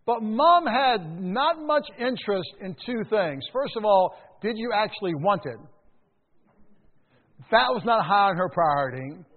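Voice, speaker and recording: An older man preaching a sermon as pastor, conversational, with emphatic rises and quiet drops. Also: high-pitched, very animated, unhurried. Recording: tinny phone-like sound in a reverberant hall.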